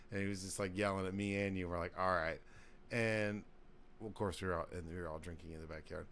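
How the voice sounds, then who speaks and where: A man's voice: low voice, fairly even intonation, fast, fairly bright tone, a little hiss or hum. A man in his thirties, a podcast host, telling old party stories in casual chat and swearing freely. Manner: laid-back storytelling, heavy swearing.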